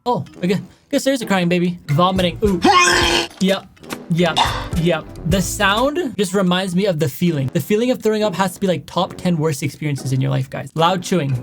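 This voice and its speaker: A young man reacts to a run of sound clips in a chatty, animated vlog, his pitch leaping up and down as he talks. He keeps calling his viewers "guys," and faint music sits behind him. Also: moderate pace.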